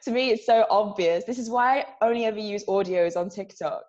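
Speaking fairly quickly in a medium-pitched, darkish voice, this young woman from England, British accent and all, is a podcast guest in a casual interview chat. She laughs often between her sentences, and the recording sounds muffled and lo-fi.

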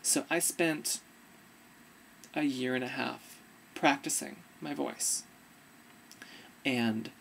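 A woman's voice: low voice, vocal fry, a bit bright, a little hiss or hum. A woman vlogger giving casual, earnest advice to the camera, often trailing off and restarting.

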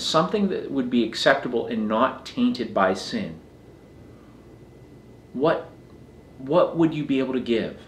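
A man's voice: mid-range voice, a little hiss or hum. Earnest male pastor preaching in an echoey room. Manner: earnest, repeats phrases while preaching. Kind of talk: sermon.

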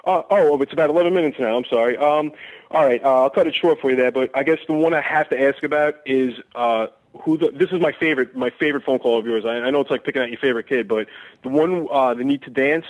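A man's voice: medium pitch, fast talker. A man, a fan calling into a radio show, asking questions with many hesitations and fillers. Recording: tinny phone line.

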